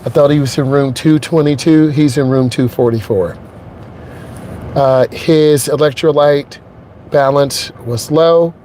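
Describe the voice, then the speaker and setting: A man's voice: fairly high pitch, steady tone, a little slow, dark tone, a little hiss or hum. A middle-aged man, a driving instructor, talking earnestly and emotionally to his viewers from inside his truck while driving, repeating his points and checking in with "okay?". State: emotionally shaken.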